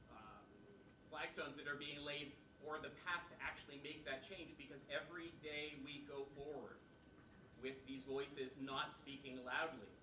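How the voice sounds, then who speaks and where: A man in a conference audience poses a long, carefully built question. His voice comes from far off the mic in a roomy, echoing hall with clear background noise around it. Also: medium pitch. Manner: measured, builds long questions. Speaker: audience member asking a question.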